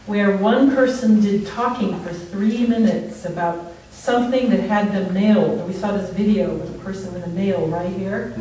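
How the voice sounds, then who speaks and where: Woman preaching in an echoey church. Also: medium pitch. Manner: storytelling, animated, laughs often. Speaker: speaker at a church service. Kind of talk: conversational sermon. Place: church sanctuary. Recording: distant mic in an echoey room.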